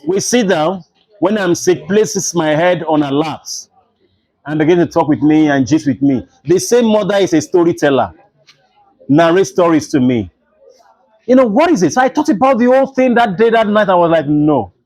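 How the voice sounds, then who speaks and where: Animated Nigerian man teaching a class. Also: high voice, moderate pace. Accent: Nigerian English. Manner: animated storytelling, acts out dialogue. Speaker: literature teacher. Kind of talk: classroom lecture.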